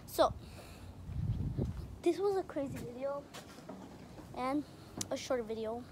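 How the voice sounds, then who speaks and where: Rambling high-voiced young woman vlogging. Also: a little slow, long pauses, a little hiss or hum. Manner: rambling, excitable, gets loud when the chickens crowd her. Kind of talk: casual vlog chat. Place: outdoors by a chicken coop. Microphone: phone camera held in hand. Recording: phone video outdoors with chickens clucking. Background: clucking chickens and birds.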